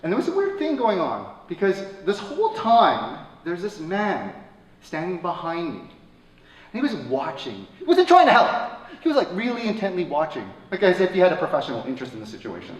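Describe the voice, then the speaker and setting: A man telling a personal story at a live show, swinging between loud excited bursts and quiet somber lines. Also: high-pitched, a little fast. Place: stage at a live radio show. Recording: echoey stage from a distance, faint room noise.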